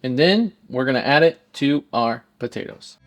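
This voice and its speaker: Man of middle pitch, easygoing cooking-video host who cracks jokes at the camera. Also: animated, moderate pace. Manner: jokey, talks straight to viewers. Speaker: home cook. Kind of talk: casual cooking demonstration.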